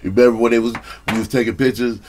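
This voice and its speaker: A man's voice: medium pitch, fairly even intonation, rapid-fire, darkish tone, a little hiss or hum. A male comedian telling a story in a loose, profane, casual way, often laughing and saying "you know".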